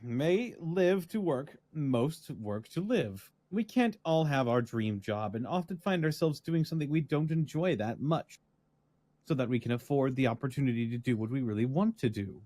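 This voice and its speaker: A man voicing a loving, gentle advice-giving lady, reading her reply letter in an earnest, lilting way. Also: medium pitch, lively intonation, normal speed, no echo, lightly acted. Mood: caring.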